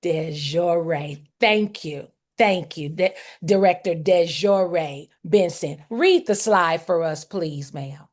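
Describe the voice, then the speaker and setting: A woman's voice: on the low side, slow pace, hardly any pauses. A woman leading a group coaching video call, energetically calling on people by name and repeating key phrases for emphasis. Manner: energetic, calls on participants by name, emphatic repetition.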